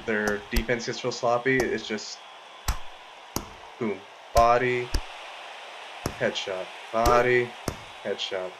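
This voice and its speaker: A gaming vlogger chats casually while playing a VR boxing game and eating pizza, easygoing and full of fillers. His voice sits in the mid range, with background noise behind him.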